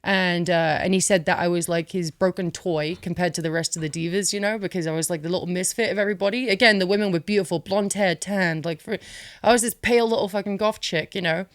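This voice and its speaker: Animated, foul-mouthed woman telling stories. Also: on the low side, fast talker, no room sound. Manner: animated, swears freely, laughs while telling stories. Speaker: interview guest, former pro wrestler. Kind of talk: casual interview storytelling.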